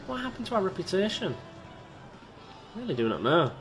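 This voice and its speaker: A let's-player gives casual, rambling, self-mocking commentary on a park-building video game, even talking to its little characters. His voice sits high and sing-song at a brisk pace, with faint music behind.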